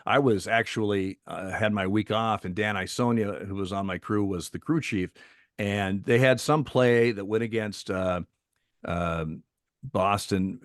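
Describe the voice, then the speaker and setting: Low-voiced man spinning an animated story. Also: a little slow, no echo, clean studio sound. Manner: animated storyteller, acts out quoted people. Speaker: retired umpire guest. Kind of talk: casual storytelling chat.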